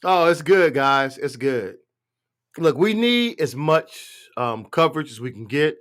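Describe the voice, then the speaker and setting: Man, higher pitch, profane, blunt, rambling, live stream rant. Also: lively intonation, measured pace, a bit bright. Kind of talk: casual political rant.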